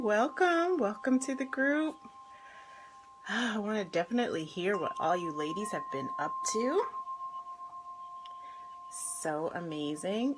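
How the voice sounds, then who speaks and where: This life and health coach has a mid-range voice and hosts a live stream. She's gushing and cheerful, welcoming viewers by name with warmth and frequent laughter.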